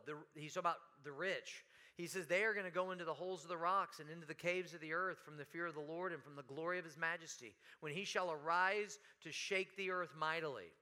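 Bright-voiced preacher man, animated. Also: a little high. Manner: animated preaching with sudden shouts and dramatic quoted lines. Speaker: pastor. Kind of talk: sermon. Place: church sanctuary.

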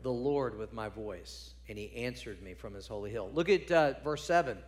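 A man preaching a sermon, building to loud emphatic peaks and dropping to quiet, low points. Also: measured pace. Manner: drops to low quiet tones on key points.

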